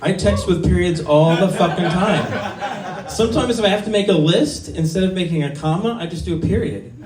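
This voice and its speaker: A man in his fifties at an open mic, telling crude, self-mocking stories and wandering from one aside to the next. His voice sits somewhat high for a man. It is caught from a distance in a roomy, echoing venue. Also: normal speed, crowd noise. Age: 50s. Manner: self-deprecating, crude, rambling with many ums. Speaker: stand-up comic. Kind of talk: stand-up set at an open mic. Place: small comedy venue.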